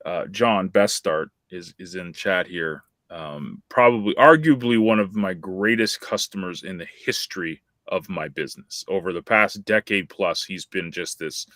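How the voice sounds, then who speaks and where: A man's voice: low voice, measured pace, pushed and bright, dry recording, studio quality. A man hosting a podcast, talking casually and emphatically, repeating points for effect. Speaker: podcast host.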